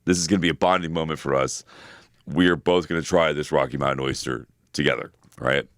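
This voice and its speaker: Un homme d'âge moyen, co-animateur d'un podcast, qui raconte des anecdotes avec animation, imite les répliques en forçant la voix et jure volontiers. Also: male voice, extremely low pitch, fairly quick, no room sound, studio quality. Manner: animated storyteller, acts out quotes in a raised voice; swears casually. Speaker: podcast co-host. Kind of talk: casual chat, storytelling.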